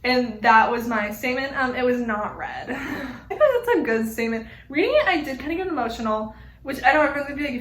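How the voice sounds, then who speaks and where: Chatty high-voiced young woman vlogger. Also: expressive, fairly quick, fairly bright tone. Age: young adult. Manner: rambling, frequent fillers, frank. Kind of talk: casual chat to camera. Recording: echoey room.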